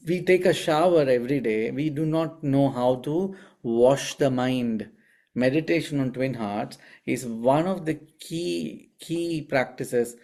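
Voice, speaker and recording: A man with a warm, mellow tone and a slightly higher voice teaches about spiritual healing. He tells his stories in an animated way. He often checks in with his listeners through rhetorical questions. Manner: asks the audience frequent rhetorical questions; animated storyteller. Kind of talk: teaching talk with storytelling.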